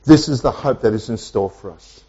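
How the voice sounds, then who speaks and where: A man's voice: medium pitch, mellow, slightly rough. Emphatic preaching man, dull lo-fi sound. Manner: emphatic preaching with repetition and dramatic pauses. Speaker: pastor. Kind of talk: sermon. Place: church with online Zoom audience.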